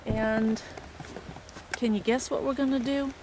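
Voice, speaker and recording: A woman's voice: a little high, steady tone, measured pace. An older woman chatting and giggling as she films her family outdoors on a snowy hill with a handheld camera. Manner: chatty, giggly, frequent laughter. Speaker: vlogger filming her family. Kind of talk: casual home video narration. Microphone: handheld video camera. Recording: noisy outdoor camcorder audio.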